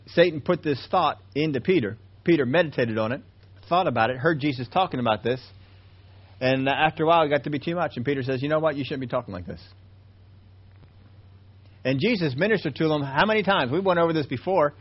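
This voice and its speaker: A man preaching a sermon as pastor, swinging between hushed low passages and raised, emphatic lines. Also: fairly quick, breathy edge, highs cut off.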